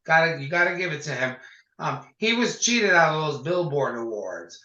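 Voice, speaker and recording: An older man, a singer, chatting in an interview and telling animated stories from his career. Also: fairly high pitch, normal speed. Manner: animated storyteller, acts out quotes. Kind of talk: casual interview conversation. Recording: echoey dull lo-fi sound.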